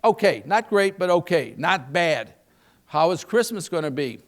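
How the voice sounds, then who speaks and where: Older man, keynote speaker, folksy joking delivery, gravelly voice, slightly high pitch. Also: animated, normal speed. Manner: folksy, joking, asks the audience questions. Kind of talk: live keynote talk with anecdotes.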